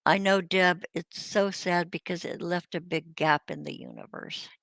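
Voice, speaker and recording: Halting gravelly-voiced woman. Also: on the low side, a bit bright, no room sound. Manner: hesitant, halting, many restarts. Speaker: livestream host. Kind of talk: casual live chat with viewers.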